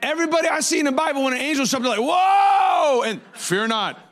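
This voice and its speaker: A man in his forties preaching a sermon as a pastor, telling jokey stories with sudden high-pitched outbursts. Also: expressive, racing, fairly bright tone, raised voice.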